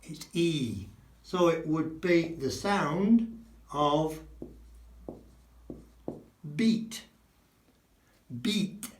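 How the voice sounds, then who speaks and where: A middle-aged man from England teaching Spanish pronunciation, slow and emphatic, repeating sounds to demonstrate them. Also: a little high. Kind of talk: spoken language lesson. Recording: echoey room.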